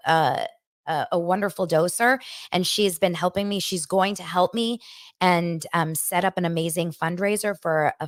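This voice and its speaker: A woman hosts her own show, talking into a microphone with a fairly low voice. She is personal and emotional, looping back and restarting her sentences. The sound is dry and close with no room around it. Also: no room sound. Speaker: host of a daily pop culture show. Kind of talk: candid casual chat. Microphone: studio microphone.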